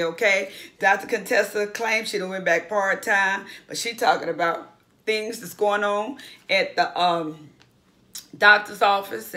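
A woman's voice: medium pitch, bright, forceful tone. A woman casually recapping a reality show, chatty and blunt, swearing freely and acting out what the cast said.

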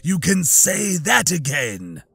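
A man's voice: fairly high pitch, very animated, vocal fry, sharp tone, slightly rough, dry recording, exaggerated voice. A man voicing a greedy, snarling male reptilian bounty hunter in an audiobook, drawling and leering. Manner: drawling, leering, slow and gloating. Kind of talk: audiobook character voice.

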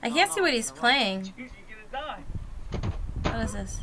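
A woman hosting a gaming reaction video at her computer desk, gasping and exclaiming loudly as she watches. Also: sits high, moderate pace, long pauses, background noise. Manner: excitable, loud exclamations and gasps. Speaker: YouTube gaming host. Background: music and sound from the clips she reacts to.

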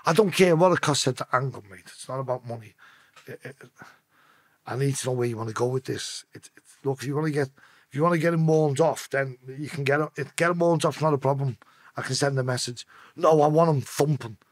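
Talking a little fast in a dry recording, a Liverpudlian podcast guest tells stories in a relaxed interview. He's profane and imitates the voices of the people involved, jumping sharply in pitch.

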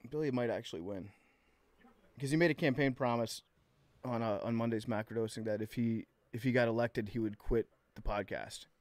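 A man's voice: medium pitch, a little fast, a little mellow, no room sound. A man co-hosting a casual podcast, chatty and teasing his co-hosts. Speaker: podcast co-host. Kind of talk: casual chat.

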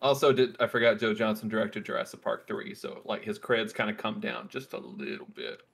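A man's voice: on the low side, very animated, a little fast, vocal fry, breathy edge. A man co-hosting a podcast in casual chat, talking with frequent ums and restarts. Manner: chatty, hesitant with ums and likes. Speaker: podcast co-host.

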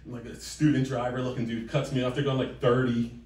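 A man doing a crude, animated stand-up comedy set on a club stage, breaking into shouted outbursts. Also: mid-range voice, fast talker. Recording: echoey room from a distance with a laughing crowd. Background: laughing audience.

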